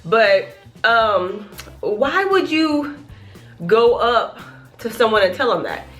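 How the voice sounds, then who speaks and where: A young pregnant woman rants to her camera in a casual vlog, animated and often laughing. Her voice sits a little high, and faint music plays underneath. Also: takes it slowly. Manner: animated, laughing, acting out what people say. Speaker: vlogger.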